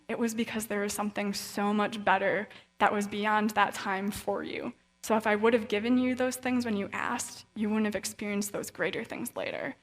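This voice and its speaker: A woman author giving an earnest, encouraging faith talk in a casual conversational way at a young-adult event. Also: mid-range voice. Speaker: guest speaker and author. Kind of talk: inspirational faith talk with a read-aloud story. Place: event hall. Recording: long reverb of a large hall.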